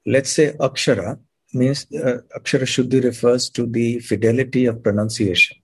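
A man speaking as a guest monk on a podcast, explaining in a measured way and often clearing his throat. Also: medium pitch, steady tone. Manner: measured, frequent throat clearing, sips to soothe throat.

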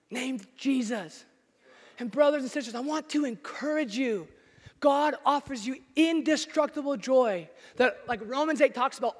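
A man preaching a sermon as pastor in a church, emphatic and at times nearly shouting. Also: extremely high pitch. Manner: emphatic, rising to near shouts. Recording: long hall reverb.

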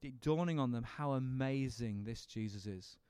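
A man teaching a Bible seminar, animated and acting out the speakers in the story. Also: medium pitch, moderate pace, clean tone, no room sound. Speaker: preacher leading a seminar. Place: seminar room with an audience.

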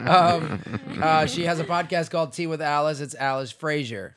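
A man's voice: a little high, moderate pace. Tired, chatty man hosting. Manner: laughs often, animated storytelling with voiced asides. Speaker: podcast co-host. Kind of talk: casual chat.

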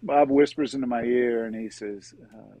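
A middle-aged man, a guest in an interview, earnestly telling his personal faith story in a soft-spoken, conversational way. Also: mid-range voice, fairly even intonation, normal speed, no echo, rough recording.

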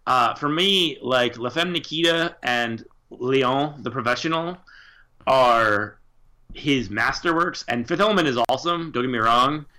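A man in casual conversation with a bright, forceful tone. He talks with real enthusiasm and swears freely, and his pitch sits in an ordinary middle range. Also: a little slow. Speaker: podcast co-host. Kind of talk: casual chat.

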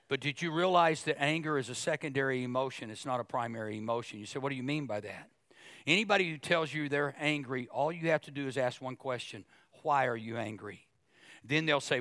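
A middle-aged male pastor preaching a sermon, animated and jokey, acting out other people's voices as he goes. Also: medium pitch, a little fast, no room sound, clean studio sound.

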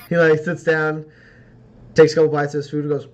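A man's voice: fairly high pitch, little pitch movement, normal speed, darkish tone, highs cut off. Rambling man running a tabletop game. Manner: rambling, filler-heavy, laughs often. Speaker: game master. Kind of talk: casual tabletop narration.

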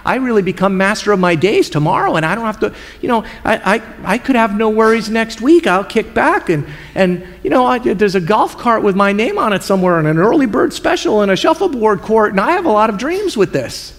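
A man's voice: sits high, animated, a little fast, few pauses. A man preaching a sermon, voicing a greedy rich man who rambles and stammers as he talks himself into hoarding his harvest. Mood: fretful. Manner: rambling, stammering self-talk. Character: greedy rich man planning bigger barns, anxious and hoarding. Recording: long hall reverb.

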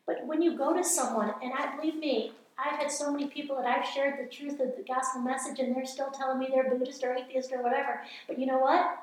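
A middle-aged woman giving a passionate, earnest evangelical teaching talk, urging her listeners on. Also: high-pitched. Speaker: speaker. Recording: very echoey room.

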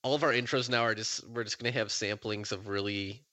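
A man's voice: lowish voice, steady tone, a little fast, pushed and bright, no echo. A man hosting a podcast in casual chat, easygoing, laughing often, with plenty of fillers. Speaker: podcast host.

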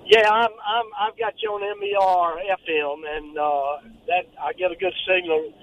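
A man's voice: sits high, expressive, normal speed, highs cut off. A man from Mississippi, calling into a radio show while traveling, talking in a rambling, folksy, hesitant way. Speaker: caller. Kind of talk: phone-in call. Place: in a vehicle. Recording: faint noise, caller phoning while traveling.

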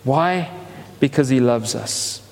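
A man preaching a sermon as a pastor, animated, asking rhetorical questions and repeating words as he goes. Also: medium pitch, slow, vocal fry, big-room sound, slight background noise.

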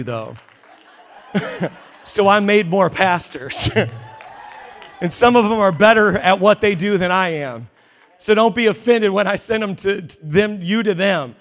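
A man's voice: sits high, a bit bright. A man pastor preaching a sermon in a church, emphatic and conversational with joking asides. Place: church in New York.

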